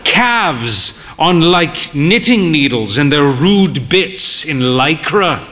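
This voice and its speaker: A man's voice: a little high, very animated, slow pace, background noise. Man voicing a droll fey middle-aged man. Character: thin fey man in late middle age, jokey. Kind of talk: storybook reading.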